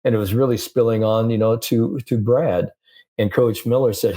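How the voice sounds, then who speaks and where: A man in his sixties, a sports psychologist, telling stories and anecdotes in a relaxed podcast conversation. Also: medium pitch, moderate pace. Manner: storytelling, animated with anecdotes and quotes.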